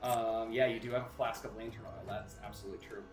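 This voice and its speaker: A man's voice: on the low side, flat delivery, fast. Casual male game master in a roomy room. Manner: casual, with fillers and restarts. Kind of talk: narrating a tabletop game. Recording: roomy sound with music behind.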